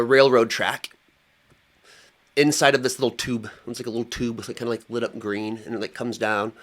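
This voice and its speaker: A young man co-hosting a podcast, telling a story in a lively, colloquial way with lots of fillers. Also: mid-range voice. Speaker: podcast co-host. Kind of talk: casual chat.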